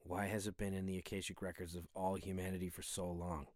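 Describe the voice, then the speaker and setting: A man's voice: low-pitched, flat delivery, quick pace, few pauses, a little mellow, dry recording, studio quality. A man hosting a training session, speaking in an earnest, musing and humble way. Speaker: fitness video host. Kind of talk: reflective spoken monologue.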